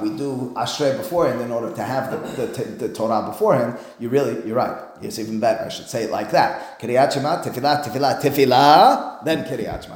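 A man teaching a Talmud class as a rabbi, animated and acting out both sides of a dialogue, peppering his English with Hebrew terms. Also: medium pitch. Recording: roomy echo.

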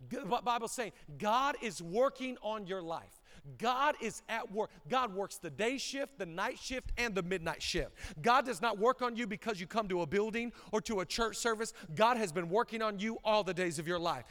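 A male pastor preaching a sermon, swinging between loud bursts and quick, low asides. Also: expressive, big-room sound. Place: church auditorium.

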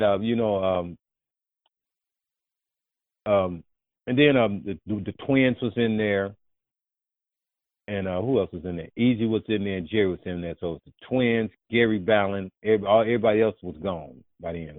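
A man's voice: normal speed, pauses often, dry recording. Man rambling through a story over tinny audio. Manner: profane, rambling, jumps into high animated voices when quoting others. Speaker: guest telling stories. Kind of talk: casual storytelling. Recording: dry, tinny phone-like audio.

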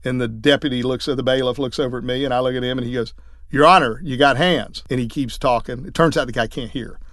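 A man, a trial lawyer, telling courtroom stories in a lively way, acting out what others said. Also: medium pitch, quick pace, dry recording, clean studio sound. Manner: lively, acts out quoted voices. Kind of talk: anecdotal storytelling talk.

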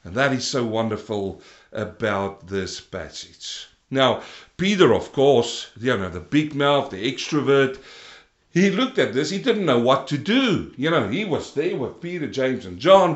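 A man preaching a sermon, swinging between loud rising emphasis and low, quiet passages. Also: sing-song, a little slow, echoey room, muffled recording.

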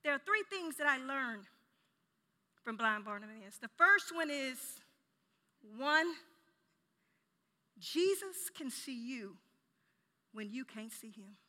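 A woman preaching a sermon with impassioned delivery, rising to near shouts and dropping to hushed tones. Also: sits high, lively intonation, slow, long pauses, big-room sound. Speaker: children's ministry director giving a sermon.

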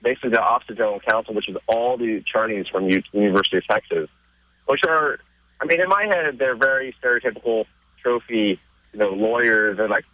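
A man being interviewed on radio, telling stories casually and getting excited, his voice jumping up in pitch as he retells scenes. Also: quick pace, no room sound, highs cut off. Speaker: interview guest.

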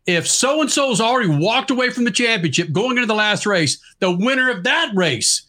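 A man hosting a sports talk radio show, teasing his co-hosts with a playful edge. His voice sits a little high. He talks on a studio mic in easy, casual banter. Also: lively intonation, normal speed, pushed and bright. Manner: joking, teasing.

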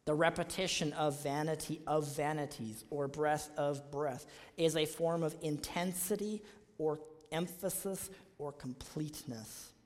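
A man's voice: a little high, steady tone, a little slow. Man preaching in a reverberant hall. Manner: emphatic preaching with rhetorical questions. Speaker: pastor. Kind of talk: sermon.

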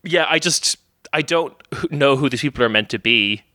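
A man's voice: mid-range voice, normal speed, sharp tone, no room sound. A man, rambling casually as a podcast guest with lots of fillers and restarts.

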